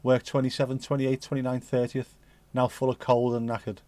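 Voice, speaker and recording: A man's voice: medium pitch, little pitch movement, a little fast, a little mellow, dry recording. Sweary man chatting on a livestream. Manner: rambling, jokey and sweary, full of British slang. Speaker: livestream host. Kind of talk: casual livestream chat, reading out viewer messages.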